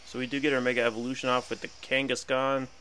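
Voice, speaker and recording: A man's voice: medium pitch, little pitch movement, quick pace, sharp tone, a little hiss or hum. A young man casually commentating his own battle game, chatty and playful, thinking aloud about each move. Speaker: gaming commentator.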